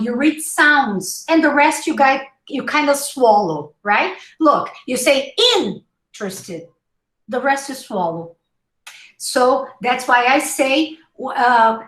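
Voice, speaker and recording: A woman's voice: high voice, fairly bright tone. A woman teaching English pronunciation in a live class, saying each word several times and coaching her students. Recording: echoey room.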